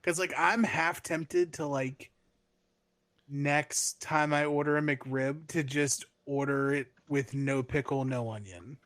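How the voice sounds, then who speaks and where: Guy on a podcast, kinda high voice, playful, dry close sound. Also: steady tone, takes it slowly, fairly bright tone, no echo. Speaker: podcast co-host. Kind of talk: casual chat.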